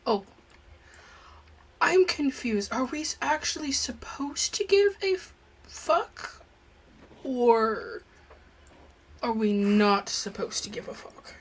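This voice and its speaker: A woman's voice: a little high, expressive, slow pace, pauses often, breathy edge. A woman player in a casual tabletop game, teasing and rambling.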